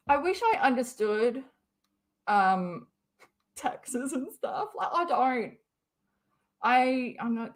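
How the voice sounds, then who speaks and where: A young adult woman, chatting casually on a livestream, rambling, swearing often and laughing a lot. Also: on the high side. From Western Australia. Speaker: livestream host.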